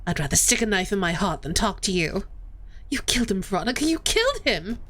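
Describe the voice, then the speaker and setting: A woman voicing a distraught young woman who shouts tearful accusations. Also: mid-range voice, sing-song, brisk.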